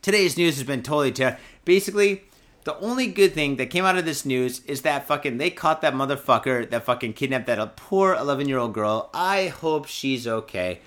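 A man's voice: medium pitch, animated, a little fast, few pauses, fairly bright tone. A tipsy young man hosting a podcast, ranting about the news in a profane, repetitive, comic way. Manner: foul-mouthed, ranting, keeps swearing and repeating himself. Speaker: podcast host. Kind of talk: profane comedic news rant.

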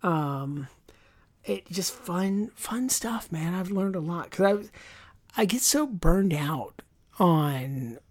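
A woman talking casually on a podcast, with a slightly low voice. She rambles and wanders through her points, with lots of asides and filler words. The sound is dry and close, with no room around it. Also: lively intonation, slow, darkish tone, no room sound. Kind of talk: casual chat.

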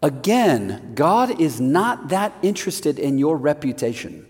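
A male pastor giving a sermon in an animated, conversational way with self-deprecating humor. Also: a little high, unhurried, long reverb tail.

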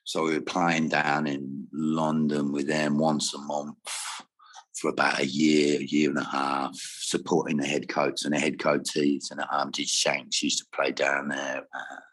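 A man's voice: extremely low pitch, monotone, measured pace, a bit bright. A man in a casual interview, telling rambling stories about music and travel, swearing freely and laughing often. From Wales. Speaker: guest musician.

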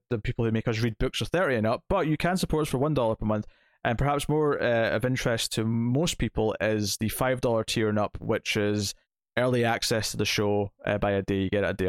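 Halting man signing off a podcast. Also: medium pitch, dry recording, clean studio sound. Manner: halting, many fillers and restarts. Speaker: podcast co-host. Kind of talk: casual podcast chat and outro.

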